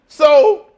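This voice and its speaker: A middle-aged man telling profane, animated stories as a guest in a shoot interview. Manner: profane, animated storytelling with acted quotes. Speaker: interview guest, former wrestler.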